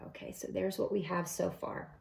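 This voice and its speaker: A woman's voice: on the low side, flat delivery, moderate pace, vocal fry, a little mellow. A middle-aged woman talking through a makeup tutorial step by step in a casual, chatty way. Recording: echoey room.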